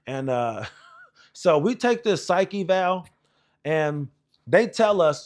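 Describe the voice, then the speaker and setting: A man's voice: fairly high pitch, very animated, takes it slowly, long pauses. A man in his forties, an Air Force veteran, telling service stories in a rambling, profane, casual way with lots of fillers. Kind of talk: casual storytelling.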